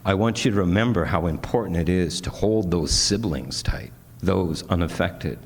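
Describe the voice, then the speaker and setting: Deep-voiced man speaking in a hall. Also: moderate pace. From Canada. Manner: earnest, candid, self-deprecating humor. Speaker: conference speaker. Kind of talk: personal keynote speech. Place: large conference hall. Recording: long hall reverb, faint noise.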